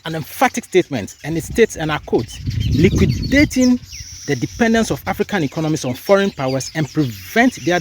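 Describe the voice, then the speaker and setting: A man's voice: a little high, background noise. A man from Ghana hosting a session of political commentary, speaking emphatically and repeating phrases for stress. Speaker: host.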